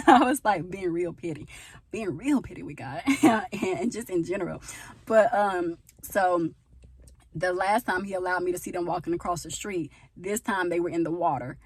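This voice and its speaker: Husky-voiced chatty woman vlogging. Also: lowish voice, normal speed, dry recording. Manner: chatty, addresses viewers as y'all, rambling asides. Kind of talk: casual faith-sharing vlog to viewers. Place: outdoors at her parents' home. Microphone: phone camera.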